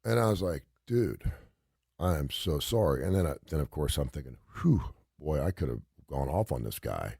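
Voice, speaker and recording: A man's voice: a bass voice, animated, moderate pace, vocal fry, mellow, husky, no echo, clean studio sound. A middle-aged man hosting a radio talk show, telling a story in an emphatic, rambling, repetitive way.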